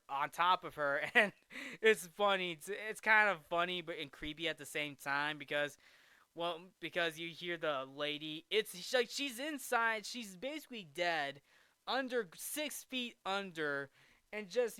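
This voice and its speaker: A man's voice: sits high, pushed and bright, clean tone, no room sound. A man hosting a casual film recap, rambling with frequent restarts and fillers.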